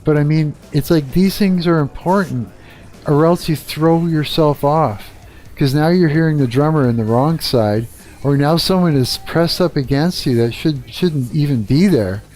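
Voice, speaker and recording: Give me a blunt middle-aged man from Canada hosting a live stream, slightly high voice, faint music in the background. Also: normal speed. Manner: blunt, animated, swears a lot. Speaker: guitarist and live stream host. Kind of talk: casual ranting chat.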